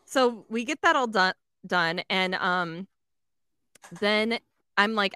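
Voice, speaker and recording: Bright-voiced woman ranting a story, lots of "like" and swearing, does little voices for people. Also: mid-range voice, takes it slowly, clean tone. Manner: swears a lot, fills with "like", acts out voices. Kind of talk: casual chat.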